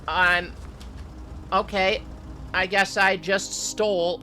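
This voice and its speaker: Slow, bright-toned streamer chatting while gaming. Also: mid-range voice, animated. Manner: halting, with many fillers and restarts. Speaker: streamer playing a factory-building game with friends. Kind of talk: casual gaming chat.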